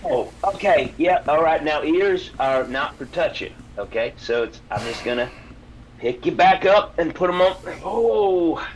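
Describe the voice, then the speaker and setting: A man's voice: on the high side, animated, measured pace, a little hiss or hum. A man playing a tabletop game, playful and exclaiming in character. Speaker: player. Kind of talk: in-character roleplay.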